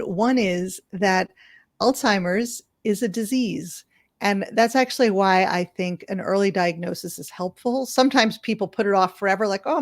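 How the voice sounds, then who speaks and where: A woman physician, a guest on an interview podcast, explaining things calmly and often checking in with "right?". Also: medium pitch, dry recording, clean studio sound. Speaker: palliative medicine physician, guest. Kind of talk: conversational interview.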